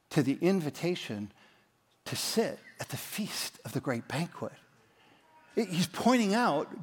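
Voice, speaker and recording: A man's voice: high-pitched, big-room sound. A man preaching a sermon as pastor, emphatic and leading his congregation in reading aloud. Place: church.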